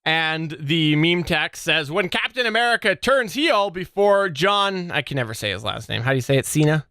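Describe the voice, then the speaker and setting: Bright, chatty male podcast host. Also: on the high side, normal speed, smooth, no echo, studio quality. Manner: laughs often, animated and chatty. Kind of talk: casual podcast chat.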